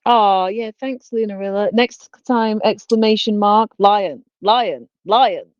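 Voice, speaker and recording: A woman's voice: mid-range voice, takes it slowly, muffled recording. A woman co-hosting a casual online crypto talk stream, chatty and giggly, often trailing off with fillers. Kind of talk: casual chat.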